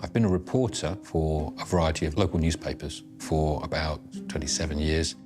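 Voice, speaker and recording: A man's voice: very deep voice, fairly quick, music in the background. A middle-aged man from England, a crime reporter, recounting events in a matter-of-fact way for a documentary interview.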